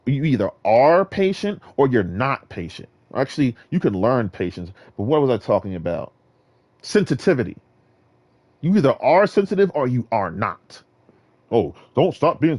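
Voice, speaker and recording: A man from Virginia ranting and trash-talking in a casual gaming vlog monologue. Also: medium pitch. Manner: animated, boastful, trash-talking. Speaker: gaming vlogger.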